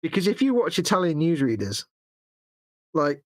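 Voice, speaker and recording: A man's voice: a little high, very animated, moderate pace, no room sound. Chatty English man, dry close sound. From Britain. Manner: chatty storyteller, acts out quotes. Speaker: co-host. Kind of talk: casual live-stream chat.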